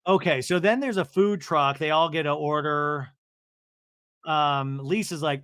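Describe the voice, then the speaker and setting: A man hosting a podcast, recapping a reality show in an animated, sarcastic way and swearing freely. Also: a little high, measured pace, no echo, clean studio sound. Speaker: podcast host.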